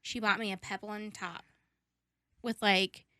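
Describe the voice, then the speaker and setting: Young woman, bright and chatty podcast co-host, emphatic, dry close sound. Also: mid-range voice, level tone, a little slow, dry recording. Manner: chatty, emphatic, swears casually. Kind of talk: casual chat.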